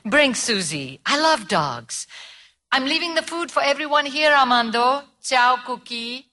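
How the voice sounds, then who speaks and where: A woman's voice: high voice, expressive, measured pace, bright, forceful tone, full character voice. An actress playing a kind, motherly salon owner who mixes Spanish into her English. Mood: kindly. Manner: kindly, persuasive, mixes Spanish words. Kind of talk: comedy drama acting.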